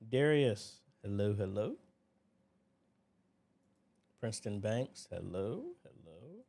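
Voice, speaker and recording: A man hosting a relaxed livestream from his desk, calling out viewers by name with quick friendly hellos. He slides into walking through a database demo at a loose, conversational pace, with plenty of fillers along the way. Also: on the low side, vocal fry. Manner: greets viewers by name, talks through on-screen tech demo. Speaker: livestream host. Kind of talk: casual livestream chat.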